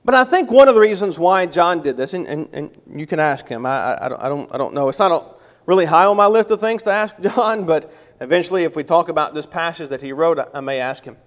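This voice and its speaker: High-voiced man teaching scripture in a hall. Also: expressive, quick pace. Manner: reads scripture then explains it, with restarts and self-corrections. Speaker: Bible teacher. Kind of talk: Bible lesson.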